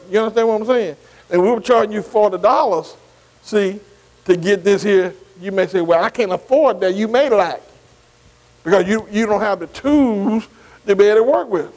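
An older preacher with a high-pitched voice, working through scripture in a loose, conversational sermon. He keeps checking in with his listeners, tossing in "see?" and "amen" between his points. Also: a little mellow, poor audio. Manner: repetitive call-and-response, many "see" and "amen" asides. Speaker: pastor. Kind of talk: bible study sermon.

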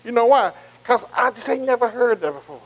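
High-voiced preacher, call-and-response. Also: male voice, animated, fairly quick, a little hiss or hum, poor audio. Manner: repeats "am I right?" to the congregation.

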